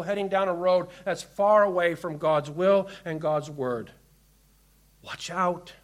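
A pastor with a high voice delivers a sermon from the pulpit. He reads scripture aloud and drives home his warnings with emphasis. His voice moves between firm, loud commands and soft, hushed asides.

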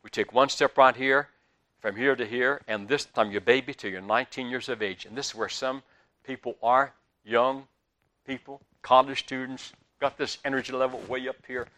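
Animated older Southern preacher. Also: male voice, mid-range voice, moderate pace. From Southern United States. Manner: animated storytelling with big swings in loudness. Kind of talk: sermon.

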